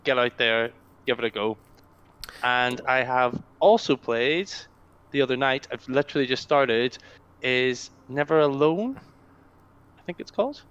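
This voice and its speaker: A man's voice: mid-range voice, measured pace, pauses often, smooth. A man co-hosting a casual gaming podcast, telling stories about games with enthusiasm. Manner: enthusiastic, animated storytelling. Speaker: podcast co-host. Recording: slightly dull lo-fi audio.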